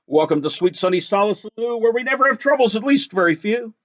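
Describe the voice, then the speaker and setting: A friendly storybook gatekeeper greets in a high, sing-song voice, as a man reading aloud puts him on. The recording is dull and lo-fi. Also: animated, fast talker, a bit bright. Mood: welcoming. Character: friendly male gatekeeper of a sunny city.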